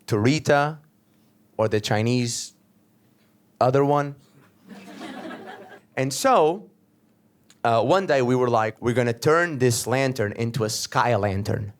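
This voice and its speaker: Lively young comedian. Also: male voice, medium pitch. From Portugal. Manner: animated storytelling with frequent "right?" asides. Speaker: stand-up comedian. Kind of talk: stand-up comedy set. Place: comedy club stage, indoors.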